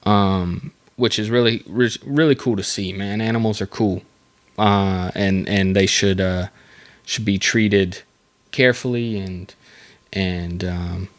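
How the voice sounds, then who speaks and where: A man hosting a casual solo podcast. He reads facts aloud, then breaks off into rambling, jokey asides with lots of halting fillers and restarts. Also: deep voice, fairly even intonation. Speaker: podcast host.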